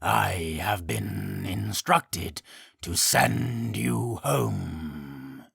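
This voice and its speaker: A man's voice: low-pitched, sing-song, extremely slow, creaky, a bit bright, slightly rough, no echo, clean studio sound, exaggerated voice. A man voicing an ancient male harpygriff guardian who speaks in a formal, archaic way. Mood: solemn. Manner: formal, archaic, stately speech.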